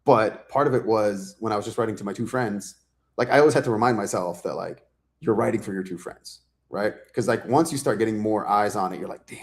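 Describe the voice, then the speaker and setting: A low-voiced man chats as an author guest in a relaxed interview. He rambles with plenty of fillers and acts out the lines people said, swearing without a second thought. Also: a little fast. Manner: animated storyteller, acts out quotes, swears freely; loose and rambling with many fillers. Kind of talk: casual interview chat.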